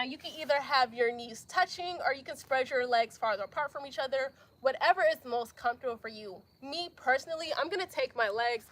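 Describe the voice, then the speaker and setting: A young woman yoga instructor, slightly out of breath, giving calm breathing cues with casual slang asides. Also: high-pitched. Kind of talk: live yoga class instruction.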